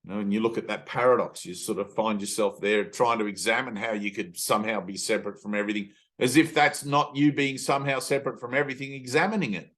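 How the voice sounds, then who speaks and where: A man's voice: lowish voice, fast, hardly any pauses, a bit bright. A man who is a spiritual teacher, giving a casual talk, telling loose stories with plenty of fillers and acting out the voices he quotes. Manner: loose storytelling, full of fillers.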